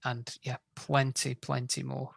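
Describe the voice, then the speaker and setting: A man in his thirties from England with a softened Yorkshire accent, an English teacher answering interview questions in a relaxed, rambling way over a video call. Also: mid-range voice, a little slow, vocal fry, husky, dry recording. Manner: relaxed, rambling, many fillers.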